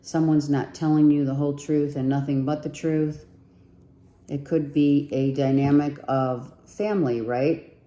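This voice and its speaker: A woman's voice: deep voice, steady tone, unhurried, dark tone, echoey room. A woman giving a casual tarot reading to her viewers, chatty and repetitive, thinking aloud as she pulls cards, her voice nearly giving out. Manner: chatty, repeats herself, thinks aloud while pulling cards. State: losing her voice. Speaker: tarot reader.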